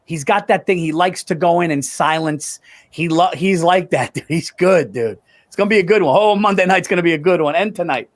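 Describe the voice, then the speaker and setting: High-voiced man rambling through a story. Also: fairly quick. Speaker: podcast co-host. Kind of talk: casual sports chat.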